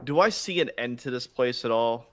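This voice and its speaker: Animated, hesitant man player. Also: mid-range voice, normal speed. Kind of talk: casual tabletop play.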